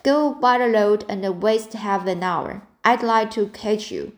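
A woman reading the part of a stern, practical older spinster in an audiobook, in a brisk, scolding manner. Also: medium pitch, expressive, close to an everyday voice.

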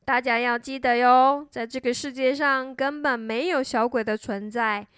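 A woman narrating a children's story in a slow sing-song manner. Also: sits high, fairly even intonation, a bit bright, clear, resonant tone, no room sound, studio quality.

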